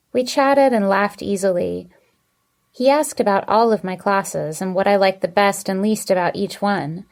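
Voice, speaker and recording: Woman, audiobook narrator, first-person romance, expressive, emotive, mid-range voice. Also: medium pitch.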